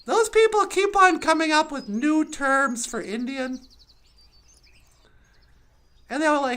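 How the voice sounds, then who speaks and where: A woman's voice: high-pitched, expressive, normal speed, fairly bright tone. A woman telling stand-up stories in a sardonic way, acting out other people's voices as she goes. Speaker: comedian. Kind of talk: stand-up storytelling.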